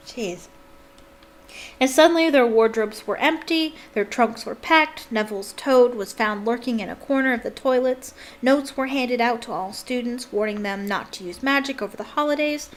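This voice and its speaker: A woman's voice: fairly high pitch, animated, normal speed. Gushing young woman reading aloud. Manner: gushing, exclamatory asides. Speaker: book reader and fan. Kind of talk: casual reading aloud with commentary.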